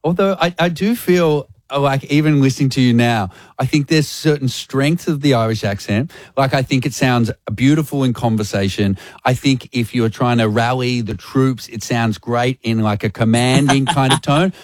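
A man's voice: medium pitch, normal speed, hardly any pauses, no room sound. A man hosting drive-time radio, asking playful, teasing questions. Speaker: radio host.

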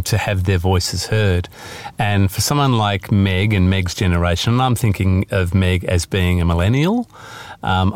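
A man reading aloud from his novel, then answering questions in a measured, hesitant way with frequent pauses. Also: lowish voice, no room sound. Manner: measured, hesitant in chat with many ums. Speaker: author reading his book.

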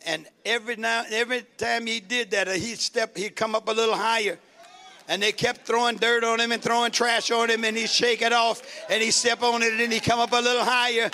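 A middle-aged male pastor preaching a sermon with call-and-response, rising to shouts. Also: very high-pitched, flat delivery, brisk.

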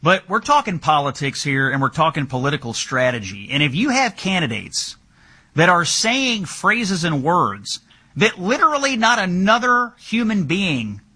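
A man hosting a political talk show, asking pointed questions in an animated way. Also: on the high side, breathy edge. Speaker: host.

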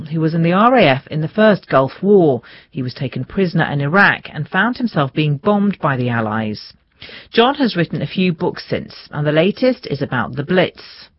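A woman presenting the radio news in a measured, formal way. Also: low voice, husky. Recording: dull lo-fi broadcast audio.

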